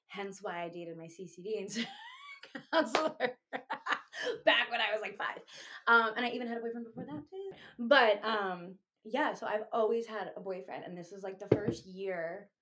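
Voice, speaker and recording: Giggly animated young woman host. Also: medium pitch, moderate pace, noisy background. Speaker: podcast host. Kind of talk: casual chat.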